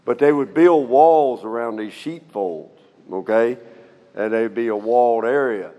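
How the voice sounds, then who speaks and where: A man's voice: mid-range voice, measured pace, warm tone, highs cut off. A middle-aged man teaching the Bible in a folksy, conversational way, often checking in with "okay?". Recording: long hall reverb.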